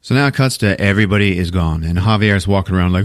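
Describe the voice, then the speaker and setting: A man's voice: low voice, quick pace, few pauses, dry recording, clean studio sound. A man hosting a podcast, recapping a movie in a crude, laughing, casual way. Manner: crude, laughing, animated storyteller. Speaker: podcast host.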